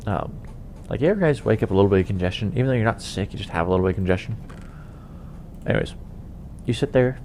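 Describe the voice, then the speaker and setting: A man's voice: lowish voice, lively intonation, quick pace, pauses often, darkish tone, a little hiss or hum. A young man chatting casually while playing a game, rambling with chuckles and lots of fillers. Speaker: gaming channel host.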